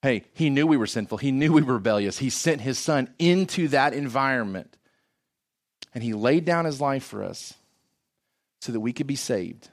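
A man's voice: medium pitch, animated, normal speed. A man preaching a sermon in an earnest, emphatic way, often asking rhetorical questions.

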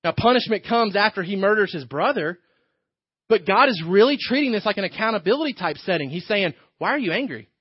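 A man gives a sermon from the pulpit in a conversational preaching style, often asking rhetorical questions. His voice sits high for a man. The recording is dull and lo-fi, and the sound is dry, with almost no room echo. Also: animated, fairly quick, husky. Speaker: pastor.

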